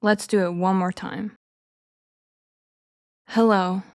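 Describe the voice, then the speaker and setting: Slow, careful American woman teacher. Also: medium pitch, a little mellow. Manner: slow, careful enunciation for learners to repeat. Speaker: English teacher. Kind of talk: scripted shadowing lesson.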